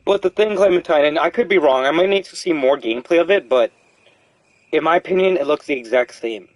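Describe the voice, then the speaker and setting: A young man streaming a horror game, rambling casually to chat with animated, profane commentary. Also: a little high, brisk, dry recording. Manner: rambling, animated, swears freely. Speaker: gaming streamer.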